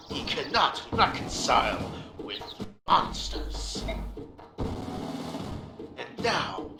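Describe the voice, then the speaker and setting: A man's voice: echoey room, exaggerated voice. A man doing a pompous Southern aristocrat rebel leader. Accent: Southern US aristocrat, put on. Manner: booming speechifying with dramatic pauses. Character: rabble-rousing male rebel leader, pompous.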